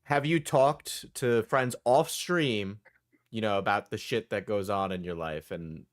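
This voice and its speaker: A man on a stream asking probing, drawn-out questions in a casual tone. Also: on the low side, dry recording, clean studio sound.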